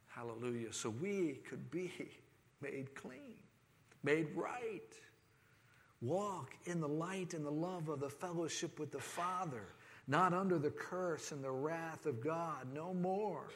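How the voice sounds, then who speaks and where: Impassioned preacher in a reverberant hall. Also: male voice, a little high, animated, a little slow, sharp tone. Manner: preaching with rising, impassioned delivery. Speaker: pastor. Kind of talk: sermon.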